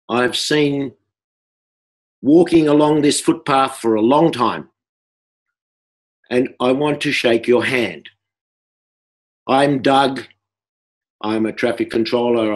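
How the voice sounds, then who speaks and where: An Australian man telling a personal story in a halting way, with restarts and repeated words. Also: mid-range voice. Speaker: workshop participant.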